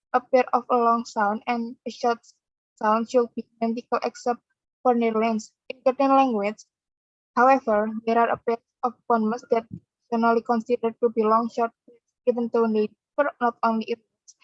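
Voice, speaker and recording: A woman student with an Indonesian accent reading a class presentation in a flat, steady voice. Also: fairly high pitch, normal speed, no room sound. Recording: dry, dull lo-fi mic.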